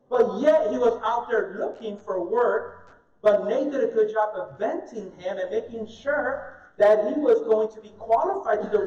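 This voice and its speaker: A man giving a live presentation at an investor meetup, an animated storyteller who jokes with the audience. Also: high-pitched. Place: meeting room with an audience. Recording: echoey room, distant dull mic.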